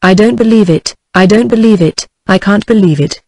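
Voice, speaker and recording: A woman's voice: on the low side, moderate pace, a little mellow, dry recording. A text-to-speech female voice with a British English accent reading the lines of an anxious young married woman who pleads earnestly. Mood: pleading. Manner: earnest and imploring.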